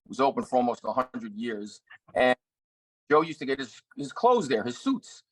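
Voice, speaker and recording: A middle-aged actor and director telling a story in an interview, earnest, with many restarts. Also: male voice, mid-range voice, sing-song, moderate pace, slightly rough, no echo, low-quality recording. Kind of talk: anecdotal interview talk.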